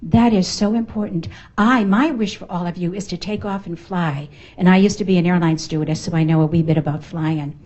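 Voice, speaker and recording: This motivational speaker is a middle-aged woman from the United States with a Boston accent, addressing a live crowd in a networking event's function room with emphatic, playful energy. Her voice sits on the low side with a steady, mellow tone, and she talks briskly with few pauses. The recording is dull.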